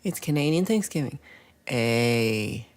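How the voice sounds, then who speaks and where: A woman's voice: very deep voice, expressive, slow pace, a little mellow. A woman hosting a casual livestream chat, rambling playfully through viewer comments with frequent whispered asides. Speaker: livestream host.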